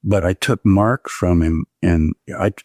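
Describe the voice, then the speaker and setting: A man in his seventies, a guest scholar, shares anecdotes during an in-person conversation indoors, his low voice a little slow. The sound is clean, studio-quality, with no echo. He's lively and slips into the voices of the people he quotes.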